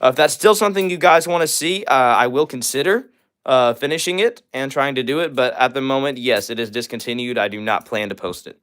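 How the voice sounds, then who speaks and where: A young man from Missouri hosting a livestream, rapidly reading and answering viewer comments with lots of fillers. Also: medium pitch, fairly bright tone. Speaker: livestream host. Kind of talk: fast live chat reading.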